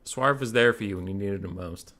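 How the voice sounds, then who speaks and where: A man's voice: on the low side, brisk, sharp tone. A man casting a strategy game tournament live on stream, chatty and prone to digressions, talking to his chat between calls.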